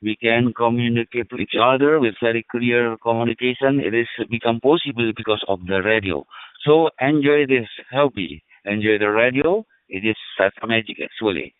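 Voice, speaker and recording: A man's voice: mid-range voice, normal speed, clear, resonant tone, no echo. A man from Indonesia sending friendly, formal greetings over ham radio. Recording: tinny radio transmission, dry.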